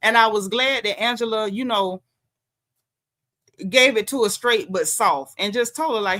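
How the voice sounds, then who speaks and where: A woman's voice: on the high side, moderate pace, pushed and bright. A woman from the American South with a Southern accent, chatting emphatically through a casual livestream recap as host. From Southern United States. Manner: chatty, emphatic, colloquial with lots of slang. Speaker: host recapping a reality show.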